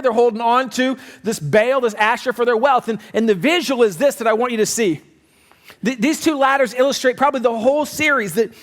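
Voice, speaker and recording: A man delivers a sermon with a fairly high voice. He preaches in an animated, conversational way, acting out quoted voices and swinging between loud emphasis and quiet, low lines. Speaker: pastor.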